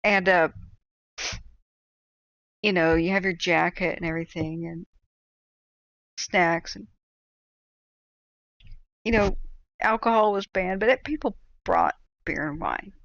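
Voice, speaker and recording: A woman's voice: lowish voice, animated, slow, long pauses, fairly bright tone, no echo. A woman hosting a livestream from home, telling a rambling personal anecdote with chatty asides. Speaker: livestream host. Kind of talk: casual storytelling chat. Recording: dry, slightly dull sound.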